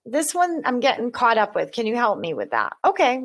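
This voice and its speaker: A woman's voice: fairly high pitch, very animated, brisk, hardly any pauses. A woman guest in a conversational interview, explaining her method in an earnest way and often repeating words as she talks. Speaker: author and guest.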